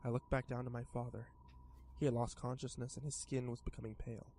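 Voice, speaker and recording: A male streamer narrating a first-person horror story in a steady voice with small stumbles. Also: medium pitch, fast talker, noisy background. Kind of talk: horror story narration while modding a game.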